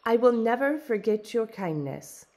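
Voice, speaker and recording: Sweet old granny saying goodbye, woman reading her part, slow and tender, a bit higher. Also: very animated, a little mellow. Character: loving old grandmother writing farewell.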